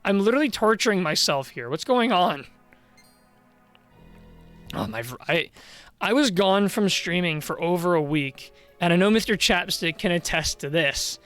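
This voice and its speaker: A man's voice: high-pitched, animated, normal speed, a bit bright, smooth, soft background music. A man chatting casually while live-streaming a video game. He rambles, laughs easily, and his voice sounds tired and worn.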